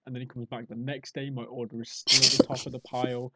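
A man's voice: medium pitch, fast talker, crowd noise. An English man co-hosting a podcast, chatting in a casual comedic way and often slipping into put-on voices. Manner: animated, slips into put-on voices. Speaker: podcast co-host.

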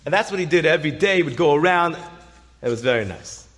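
A man telling a story, animated, swinging between loud emphasis and soft hushed lines. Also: fairly high pitch, fast. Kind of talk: spoken storytelling.

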